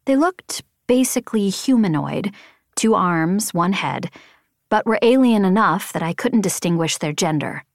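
A woman's voice: mid-range voice, measured pace, dry recording, clean studio sound. Woman narrating a tense adventure. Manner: expressive, tense storytelling. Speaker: audiobook narrator. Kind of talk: first-person novel narration.

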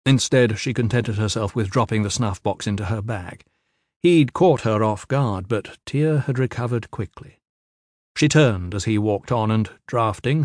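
A man's voice: lowish voice, no room sound. Man reading a novel in a dry booth. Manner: steady, measured storytelling. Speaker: audiobook narrator. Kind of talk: scripted narration.

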